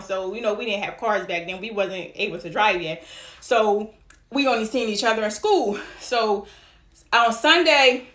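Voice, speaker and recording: A woman tells a personal story in a loose, chatty way, full of "like" and "you know," and slips into the voices of the people in it. Her voice sits a little high. The recording has a roomy echo around it. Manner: animated, acts out dialogue in the story. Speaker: storytime vlogger. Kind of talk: casual storytelling.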